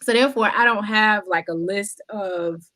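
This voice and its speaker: A woman's voice: mid-range voice, normal speed, pushed and bright. A woman from South Carolina, a guest telling stories in a casual chat and laughing often.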